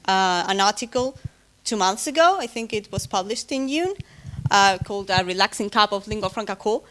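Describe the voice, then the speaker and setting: At the end of an academic conference, an English-speaking woman with a mid-range, bright and forceful voice gives the closing talk. She stumbles along hesitantly, filling pauses, correcting herself and slipping in light jokes.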